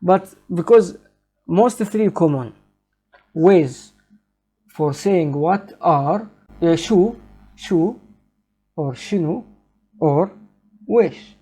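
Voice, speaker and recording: Guy teaching a lesson, super slow, repeats words, warm low-key voice. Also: expressive, slightly rough. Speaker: Arabic teacher.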